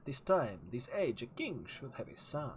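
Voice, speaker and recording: Dude reading as a worried queen, gentle, soft-spoken. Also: medium pitch, sing-song, moderate pace, natural voice. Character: anxious, loving queen worried for her husband.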